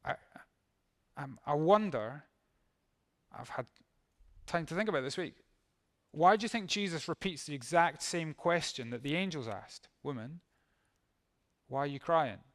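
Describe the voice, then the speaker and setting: A man's voice: fairly high pitch, expressive, moderate pace, pauses often, fairly bright tone. A male pastor preaching a sermon in a conversational way, reading verses and acting out how they might sound.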